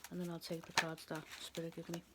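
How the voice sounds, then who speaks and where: A woman's voice: lowish voice, monotone, fast, very noisy. A woman doing a casual tarot reading to camera, chatty and rambling. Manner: chatty and rambling, laughs at herself. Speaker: tarot reader.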